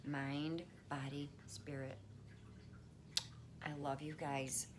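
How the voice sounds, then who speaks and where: Low-voiced woman giving a chatty wellness talk. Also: level tone, takes it slowly, background noise. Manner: chatty, reassuring, talks baby talk to her cat. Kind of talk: casual livestream talk. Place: at home with pets.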